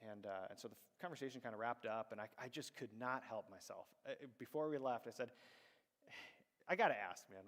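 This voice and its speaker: Quick and barely pausing, the pastor's medium-pitched voice carries through the ringing reverb of the church sanctuary. His sermon unfolds as a conversational story, with the quoted voices performed aloud.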